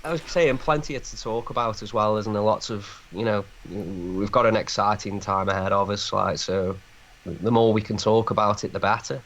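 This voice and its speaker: A man calling in as a guest, giving measured opinions with hesitant restarts. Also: fairly low pitch, fairly even intonation, fairly bright tone. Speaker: guest on a call-in stream. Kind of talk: casual chat. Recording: muffled call line with faint noise.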